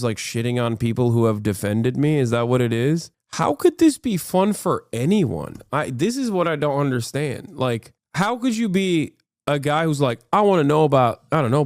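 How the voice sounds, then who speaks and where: A man's voice: mid-range voice, a little mellow, dry recording, studio quality. A man in his thirties reacting to clips on a livestream, ranting in exasperated disbelief and swearing freely. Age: 30s. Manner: exasperated, profane, incredulous rants. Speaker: streamer.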